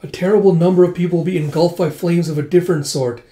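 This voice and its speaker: A man's voice: on the high side, fairly even intonation, fast, warm tone, voice pushed up, lightly acted. A man voicing a brave, serious young princess in an earnest tone. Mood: determined. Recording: roomy echo.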